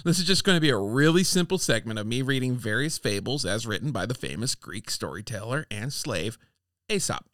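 A man's voice: medium pitch, a little fast, dry recording, studio quality. A man co-hosting a casual podcast, reading old fables aloud in a playful way and bantering with his co-host. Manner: playful, reads quoted lines with lively voices. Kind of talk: casual chat and storybook reading.

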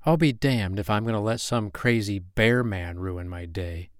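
A man voicing a feisty, sharp-tongued woman biker who curses freely. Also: fairly low pitch, no echo, studio quality, close to an everyday voice. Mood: exasperated. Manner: brash and quick to curse.

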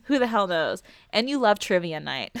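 A woman's voice: medium pitch, very animated, unhurried, a bit bright, smooth, dry recording. A woman co-hosting a podcast in casual chat, crude and playful, laughing often. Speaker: podcast co-host.

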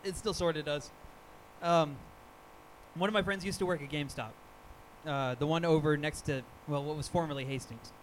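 A man with a fairly high voice spins a crude, self-mocking story on a live show, rambling and swearing as he goes. A faint hiss sits under his voice. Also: normal speed. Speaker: podcast co-host telling a story.

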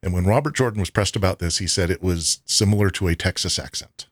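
A man co-hosting a podcast, casually recapping scenes and quoting dialogue in a quick, chatty way. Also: deep voice, dry recording, clean studio sound. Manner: recaps scenes and quotes dialogue at a fast clip. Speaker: podcast co-host. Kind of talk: casual chat recapping a TV episode.

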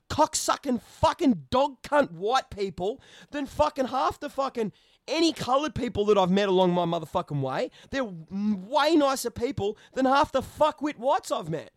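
A fired-up man with a fairly high voice, ranting in a casual podcast chat and swearing nearly every sentence. The sound is dry and close, with no room around him. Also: animated, moderate pace, dry recording. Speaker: podcast co-host.

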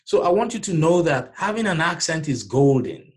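A man's voice: fairly high pitch, big pitch swings, normal speed. A man from Nigeria with a Nigerian accent, hosting a podcast and giving emphatic, preacher-like encouragement. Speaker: podcast host. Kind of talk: motivational podcast talk.

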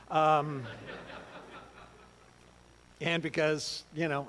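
A middle-aged pastor, preaching in a conversational storytelling way, dropping to quiet asides and rising to loud exclaims. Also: male voice, mid-range voice, poor audio. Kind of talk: storytelling sermon.

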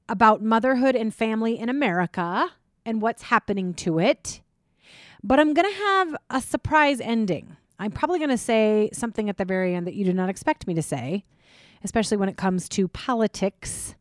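A woman's voice: medium pitch, no echo. A middle-aged woman hosting a casual radio talk show from a studio, chatty and playful, laughing often. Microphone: studio microphone.

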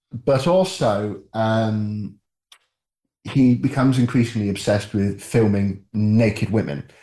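A man in casual film discussion, measured and hedging, politely choosing his words. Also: on the low side, darkish tone, reverberant. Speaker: podcast co-host.

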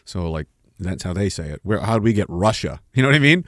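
A man livestreams from home in a low, sing-song, fairly bright voice, talking fast as he reads chat, swearing often and interrupting himself constantly. The clean studio sound has no room sound.

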